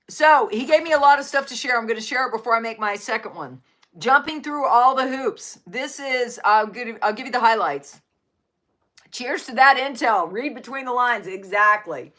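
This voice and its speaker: A woman's voice: fairly high pitch, sharp tone. A woman hosting a casual live stream, reading news articles aloud and adding her own faith-based commentary, now and then breaking off to coo at her dogs.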